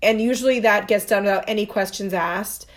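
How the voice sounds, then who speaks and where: A woman's voice: medium pitch, fairly quick. A woman co-hosting a podcast, telling stories in casual chat with many fillers and asides. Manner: storytelling, rambling with fillers. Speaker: podcast co-host.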